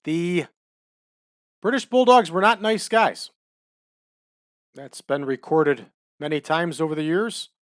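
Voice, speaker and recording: A man's voice: fairly high pitch, takes it slowly, pauses often, a bit bright, no echo. Chill guy narrating his wrestling sim, dry close mic, just chatting along. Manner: laid-back, chatty, adds wrestling trivia. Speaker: game commentator. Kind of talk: casual commentary over a wrestling sim.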